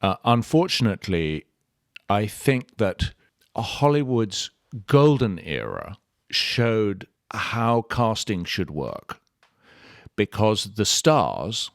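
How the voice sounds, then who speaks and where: A man's voice: lowish voice, very animated, no echo. An older man with an English accent, an actor telling stories in an interview with a dry, wry wit. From England. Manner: dry, wry wit, measured and soft-spoken. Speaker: actor and guest. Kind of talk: relaxed interview storytelling.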